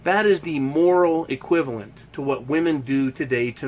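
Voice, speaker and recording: A man's voice: mid-range voice, normal speed, few pauses. A man delivering a crude, heated opinion rant, swearing constantly and mocking others.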